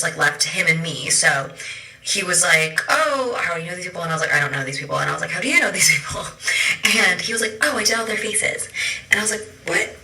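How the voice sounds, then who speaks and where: A chatty young woman tells a story in a casual way and acts out each person's lines. Her voice is very bright and sits in an echoey room. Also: fairly low pitch. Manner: chatty, acts out dialogue with a swearing punchline. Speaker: content creator.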